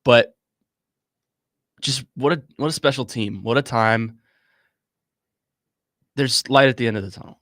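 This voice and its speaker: A young man co-hosting a sports radio show, talking in a halting, emotional way and stumbling over his words. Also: mid-range voice, fairly bright tone, dry recording, studio quality. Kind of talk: casual sports talk.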